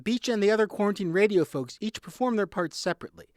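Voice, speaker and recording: A man reporting a scripted radio news feature in a lively, measured delivery. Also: high voice, no echo, clean studio sound.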